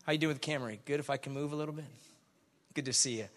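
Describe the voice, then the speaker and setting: A man's voice: on the high side, fast. A middle-aged man, a pastor preaching a sermon full of chatty, self-deprecating stories.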